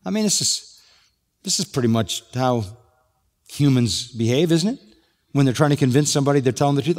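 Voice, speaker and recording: A man's voice: mid-range voice, fairly quick, pauses often, a little mellow. Man preaching in a reverberant hall. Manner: expository preaching, rhetorical questions. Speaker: pastor. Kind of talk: sermon.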